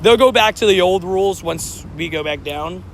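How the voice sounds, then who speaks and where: A man's voice: high voice, normal speed, vocal fry, a bit bright. A man hosting a live stream outdoors near traffic, chatting casually and rambling while laughing easily with viewers.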